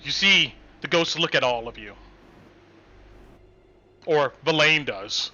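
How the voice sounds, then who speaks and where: A man's voice: a little high, animated, takes it slowly, sharp tone, dull audio. A man running a tabletop game as game master over voice chat, narrating with hesitant fillers and restarts.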